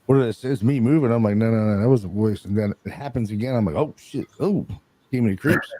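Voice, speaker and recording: Laid-back, dark-voiced man telling ghost stories. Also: lowish voice, quick pace, no echo. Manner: swears freely, laughs through stories. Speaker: guest paranormal investigator. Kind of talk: casual chat.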